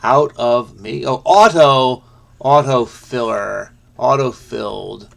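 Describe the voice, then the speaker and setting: A man's voice: medium pitch, slow, gravelly, a bit bright. A man hosting a crossword video, solving casually and thinking aloud, trailing off and making self-amused asides.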